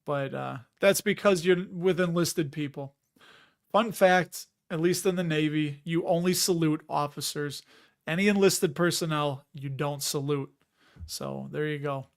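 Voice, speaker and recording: A man's voice: on the high side, steady tone, unhurried, vocal fry. A middle-aged man casually chatting on a livestream, reading viewer comments, laughing often and restarting words. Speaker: livestream host.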